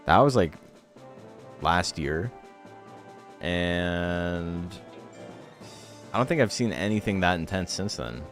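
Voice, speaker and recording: A man's voice: low voice, animated, slow pace, pauses often, soft background music. A young man streaming a game, ranting sarcastically in casual chat, swearing and laughing often.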